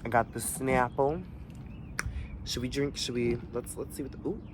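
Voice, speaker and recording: A young man in a casual storytime vlog, animated and slangy, swearing freely and jumping into high exclamations. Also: normal speed, background noise. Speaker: vlogger.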